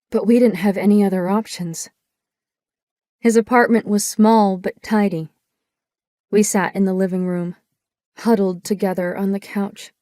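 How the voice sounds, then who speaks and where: A woman reading a first-person audiobook in a measured, descriptive storytelling manner, recorded on a close studio microphone. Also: medium pitch, mellow, no room sound. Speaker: audiobook narrator.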